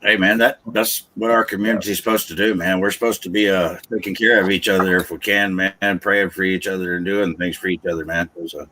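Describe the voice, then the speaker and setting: A man with a low, bright, forceful voice talks casually to a guest. He is friendly and loose, dropping "man" and "brother" into every line. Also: steady tone, brisk, few pauses. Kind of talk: casual chat.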